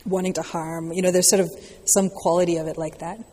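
Mellow breathy woman teaching in a hall. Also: lowish voice, flat delivery, a little fast. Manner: reflective, loose, peppered with "you know" and "like". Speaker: dharma teacher answering questions. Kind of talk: casual dharma talk Q&A.

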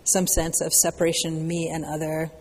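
Mellow breathy woman teaching in a hall. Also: low voice, completely flat delivery, moderate pace. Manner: reflective, loose, peppered with "you know" and "like". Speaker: dharma teacher answering questions. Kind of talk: casual dharma talk Q&A.

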